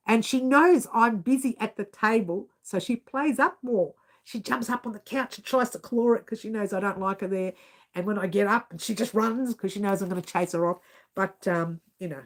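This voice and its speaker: A woman with an Australian accent chatting casually on a live stream, giggling and reading out viewer comments. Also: a little high.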